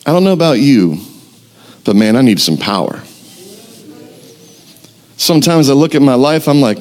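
A young man preaching a sermon as pastor, telling a story with lively acted-out quotes. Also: mid-range voice, moderate pace, pauses often. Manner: animated storytelling, acts out quotes.

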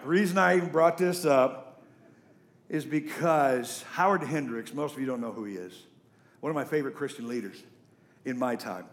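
A man preaching a sermon to a congregation, animated and emphatic. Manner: animated, emphatic preaching with big pitch swings. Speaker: pastor. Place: church stage before a congregation.

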